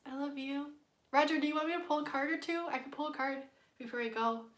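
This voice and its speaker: Giggly high-voiced woman with a stuffy nose. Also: fast talker, echoey room. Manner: playful and giggly, hums silly tunes. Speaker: tarot card reader. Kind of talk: casual live-stream chat.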